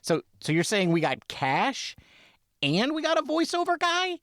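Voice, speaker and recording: A man's voice: very high voice, wildly swooping pitch, unhurried, fairly bright tone, no room sound, studio quality. A man co-hosting a comedic sports podcast, bantering with exasperated, rambling reactions. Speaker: podcast co-host.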